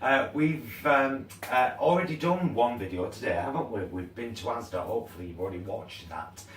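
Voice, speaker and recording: A man's voice: medium pitch, lively intonation, moderate pace, reverberant, distant mic, a little hiss or hum. A man co-hosting a casual home cooking video, chatting through a recipe with plenty of ums and uhs. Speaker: cooking channel co-host. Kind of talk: casual cooking demo chat.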